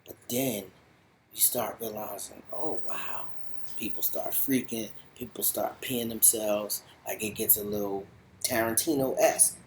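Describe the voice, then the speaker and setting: A man giving a casual spoken review of a TV show in animated, slangy, rambling storytelling. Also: on the low side, unhurried, slight background noise, low-quality recording.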